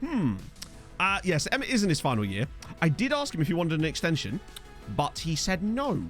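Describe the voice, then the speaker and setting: A man's voice: on the high side, big pitch swings, normal speed, faint music behind. A man chatting casually on a game live stream, rambling and joking while he reads out messages from his chat. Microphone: desk microphone.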